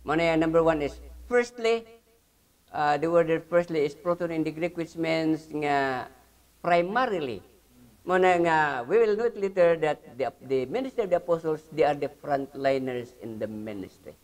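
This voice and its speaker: A man teaching a Bible lesson at church, mixing English with Cebuano, pausing often on fillers and reading scripture emphatically. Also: fairly high pitch, expressive.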